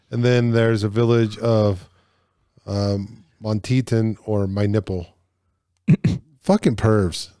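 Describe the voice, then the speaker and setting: Dark-voiced man reading trivia casually. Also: on the low side, clean tone, no room sound, clean studio sound. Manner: loose and jokey, reads questions aloud with stumbles and swearing. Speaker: podcast host reading trivia questions. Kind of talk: casual podcast banter.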